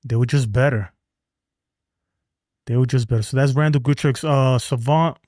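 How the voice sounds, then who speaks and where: A man's voice: mid-range voice, moderate pace, a little mellow, no echo. Chill guy on a sports stream, talking to chat like buddies, dry close sound. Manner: laid-back and chatty, reads viewer comments aloud; addresses viewers as man and bro. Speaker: livestream host. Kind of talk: casual sports livestream chat.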